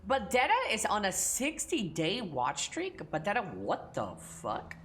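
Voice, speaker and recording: A woman's voice: medium pitch, wildly swooping pitch, unhurried, a bit bright. A woman from Mexico, a streamer chatting casually and crudely with her viewers, playful and joking. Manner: crude, playful, talks to chat, hums and sings nonsense. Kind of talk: casual livestream chat.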